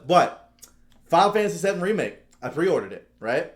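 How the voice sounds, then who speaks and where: A man co-hosting a podcast, telling a story as a fast, animated rant full of swearing. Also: on the high side. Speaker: podcast co-host. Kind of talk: casual chat.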